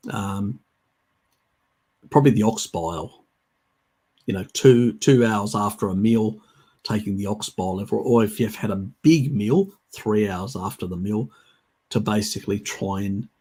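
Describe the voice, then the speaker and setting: A man's voice: on the low side, measured pace, long pauses, warm tone, husky. A man hosting a livestream, answering viewer questions in a chatty, rambling way. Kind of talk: casual livestream Q&A.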